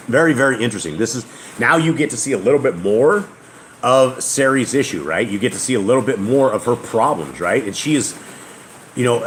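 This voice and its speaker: A man leading a Bible study, reading scripture aloud and pausing to add casual, halting comments of his own. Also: fairly low pitch, a little hiss or hum, low-quality recording. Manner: reads aloud steadily, then breaks off to comment casually; halting asides with restarts.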